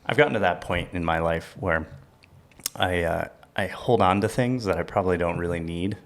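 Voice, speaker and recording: A man's voice: sits low, normal speed, creaky. A man hosting a casual podcast chat, loose and joking as he rambles along. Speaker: podcast host.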